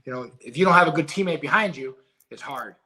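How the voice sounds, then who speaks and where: A middle-aged man, a former boxer being interviewed, who tells stories in a casual, animated and emotional way and swears freely. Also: fairly high pitch, fast talker. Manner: emotional, animated storytelling with profanity. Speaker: guest, former heavyweight boxer.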